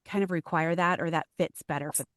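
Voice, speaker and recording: A woman voice actress, a podcast guest, answering in a thoughtful, hesitant way with many pauses and ums. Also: lowish voice, fairly even intonation, fairly bright tone, dry recording, clean studio sound. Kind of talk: podcast interview.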